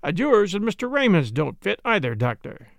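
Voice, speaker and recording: Man doing a gruff cocky cop, blunt, kinda gravelly, dry close mic. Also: high voice, very animated, normal speed, dry recording, pitched above the performer's own voice, heavily acted. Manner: blunt, dismissive. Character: gruff, self-assured male police inspector.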